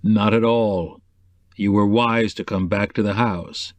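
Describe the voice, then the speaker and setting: A man voicing a calm, kindly middle-aged male newspaperman who speaks in a reassuring way. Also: lowish voice, a little slow, no room sound, natural voice. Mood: concerned.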